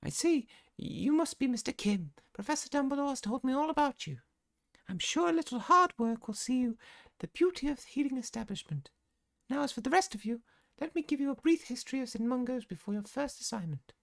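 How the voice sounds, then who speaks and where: A man's voice: very high voice, lively intonation, a little fast, creaky, a bit bright, voice pushed up, full character voice. A man voicing a cheery, motherly older female healer in a video game, in a fond, gushing sing-song. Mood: gushing, welcoming.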